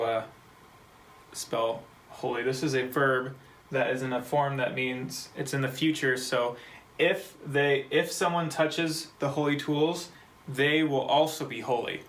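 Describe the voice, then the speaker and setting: A man's voice: mid-range voice, fairly bright tone, low-quality recording. A man teaching a short Bible Hebrew lesson for a church kids' program, explaining word by word in a patient, step-by-step way. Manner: patient, slow, spells out words.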